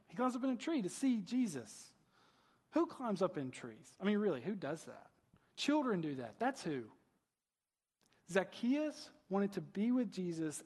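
Casting: male pastor, fairly high husky voice, casual chatty sermon, long reverb of a big hall. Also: darkish tone. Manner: conversational preaching, asks rhetorical questions, frequent "right?".

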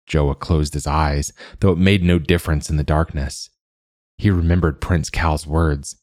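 Man reading a dark fantasy audiobook, super deep voice, dry close sound, slow and steady. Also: dry recording. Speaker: audiobook narrator. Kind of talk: dark fantasy storybook narration.

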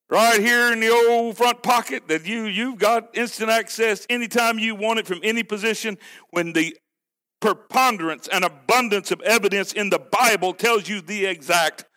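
A man preaching a sermon, emphatic and full of rhetorical questions, sometimes sinking low and quiet to drive a point home. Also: a little slow.

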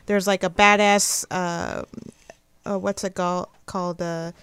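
A woman's voice: lowish voice, flat delivery, slow, a bit bright, clean tone, no echo. A woman co-hosting a film podcast, talking casually with plenty of likes and uhs. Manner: slangy, filler-heavy. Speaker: podcast co-host. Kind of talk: casual chat.

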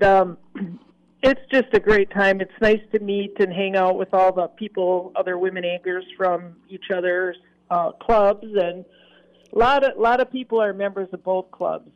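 A woman's voice: mid-range voice, fairly even intonation, unhurried. Easygoing woman guest on a dull line. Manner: friendly, easygoing, with fillers. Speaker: fishing guide and club leader, guest. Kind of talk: casual radio interview.

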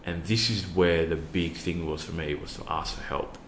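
A youth worker appearing as a podcast guest tells a personal story earnestly, full of fillers and restarts. His low voice is steady and at normal speed, with reverberation and a little hiss or hum in the recording.

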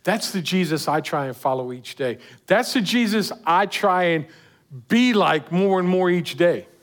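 A man's voice: high voice, expressive, measured pace. A man preaching a sermon earnestly, putting direct questions to his listeners. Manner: earnest, rising and falling with emphasis, asking the listeners direct questions.

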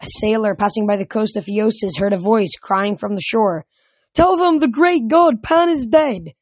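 A woman's voice: medium pitch, steady tone, a little fast, a little mellow, no room sound, lightly acted. A woman voicing an awed young girl recalling an old story.

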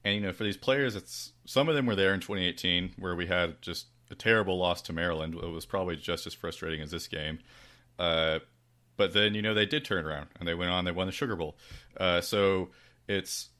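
A man's voice: low-pitched, a little fast, bright, forceful tone. A man co-hosting a sports talk show in a laid-back, conversational way.

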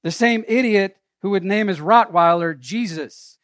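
A preacher voicing a caged parrot in a joke, repeating its phrase in a flat, low tone from a dry, close sound. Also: male voice, unhurried, no echo. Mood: deadpan. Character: preachy talking pet parrot in a cage. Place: church.

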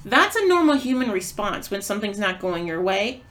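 A woman's voice: medium pitch, very animated, moderate pace, a bit bright. A woman co-hosting a podcast, telling a story in casual chat, acting out quotes and swearing freely. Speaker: podcast co-host.

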